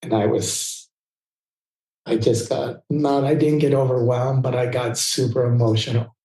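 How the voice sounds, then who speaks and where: A man's voice: mid-range voice, steady tone, warm tone. Man telling stories in a roomy echo. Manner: fast, tumbling anecdotes with restarts. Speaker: guest. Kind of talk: storytelling in casual interview.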